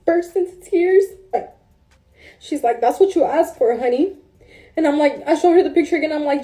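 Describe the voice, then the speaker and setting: Woman, storytime, high voice, mellow tone, casual, emotional. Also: moderate pace. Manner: casual, emotional, says "bro". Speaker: salon client. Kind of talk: storytime recounting.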